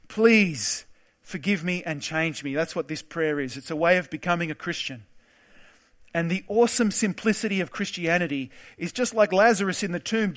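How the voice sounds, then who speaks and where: Male preacher, earnest evangelistic appeal, slightly high pitch, repetitive inviting phrasing. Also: a bit bright. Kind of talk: evangelistic sermon with led prayer.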